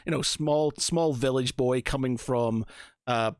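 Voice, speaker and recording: A man in his thirties from Northern Ireland co-hosts a podcast, his mid-range voice a little slow and smooth with a Northern Irish accent. He rambles through stories in casual chat, full of fillers and animated asides. The recording is dry and studio quality.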